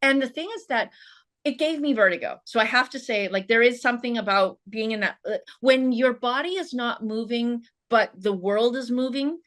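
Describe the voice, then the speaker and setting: A woman filmmaker chats in an interview, her voice sitting fairly high. She rambles and restarts her sentences a lot, growing lively and animated. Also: normal speed. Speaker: filmmaker guest. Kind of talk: casual interview chat.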